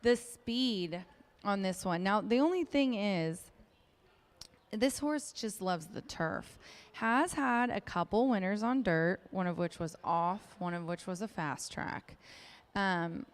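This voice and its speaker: A woman's voice: mid-range voice, takes it slowly. A woman working as a racetrack handicapper, giving a chatty, upbeat race preview with frequent ums.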